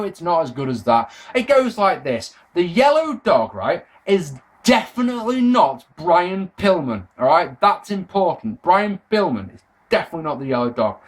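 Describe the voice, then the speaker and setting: A male wrestling reviewer talking straight to his audience in a loose, casual monologue. He is sarcastic and sweary, and exasperated by what he is watching. His voice is lively, jumping up high and dropping low as he goes.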